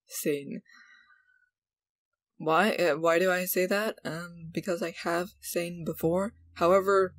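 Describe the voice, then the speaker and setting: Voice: medium pitch, no echo, poor audio. A channel host chatting casually to viewers in a vlog, hesitant and stumbling over restarts.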